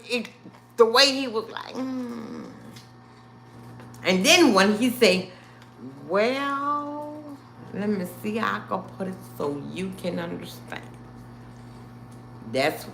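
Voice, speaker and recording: A woman's voice: lowish voice, gravelly, a little hiss or hum. A woman, hosting a live stream and telling her viewers a story, acting out what people said and calling the viewers y'all. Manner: animated, addresses viewers as y'all, acts out quotes.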